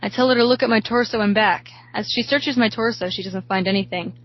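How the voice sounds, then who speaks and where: A woman reading a horror story aloud in a steady, hushed way, recorded slightly dull. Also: mid-range voice, brisk.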